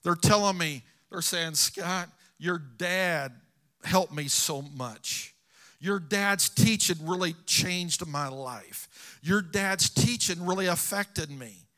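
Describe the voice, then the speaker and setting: Bright high-voiced preacher man. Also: slow pace. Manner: storytelling, earnest, addresses congregation. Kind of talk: sermon.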